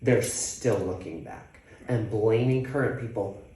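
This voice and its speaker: Earnest mellow-voiced man in an echoey room. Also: fairly low pitch, unhurried. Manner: earnest, repeats points for emphasis. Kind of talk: casual conversation.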